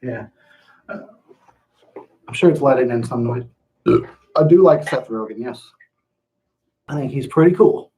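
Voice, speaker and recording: A man's voice: medium pitch, measured pace, long pauses, mellow, poor audio. A man hosting a casual livestream at home, answering chat with loose, profane talk and frequent laughter, slipping into rants. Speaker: livestream host reading chat.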